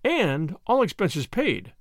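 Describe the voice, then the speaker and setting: A man's voice: sits high, no room sound, clean studio sound, full character voice. Man voicing a plucky, eager young woman sleuth. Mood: restless. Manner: lively, quick, plucky.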